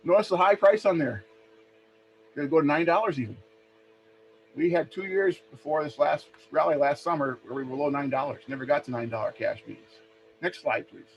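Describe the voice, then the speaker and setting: Man, extension presenter, steady slide-by-slide delivery; slightly high voice, lo-fi webinar mic with faint hum. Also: brisk. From Minnesota. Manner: plain, steady walk-through of price charts, asks for next slide often.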